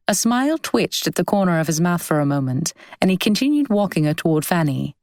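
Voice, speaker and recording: A woman reads a novel aloud in an even, measured storytelling style. Her voice sits on the low side. The recording is close and completely dry. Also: no echo. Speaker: audiobook narrator. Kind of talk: scripted audiobook narration.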